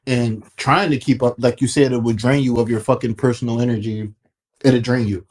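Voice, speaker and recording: A man speaking up in a live audio room, casual and laid-back. He rambles a bit as he agrees with the host. His voice sits at an ordinary middle pitch. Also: fairly even intonation, a little fast, a little mellow. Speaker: guest speaker in live chat. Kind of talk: casual chat.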